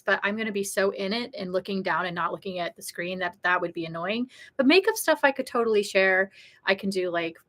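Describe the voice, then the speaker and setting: A woman's voice: medium pitch, bright, forceful tone. A woman in her thirties chatting casually and emotionally on a beauty livestream, greeting viewers by name. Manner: chatty and emotional, reads viewer comments aloud.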